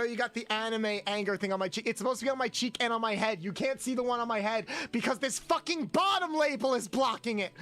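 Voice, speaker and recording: A streamer chatting casually with chat during gameplay, given to loud, swearing outbursts. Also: medium pitch.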